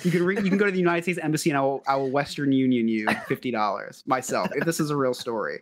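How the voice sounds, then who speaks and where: Co-hosting a comedy podcast, a man speaks fast in a mid-range voice, telling a story and reading out messages. He's animated and laughs often.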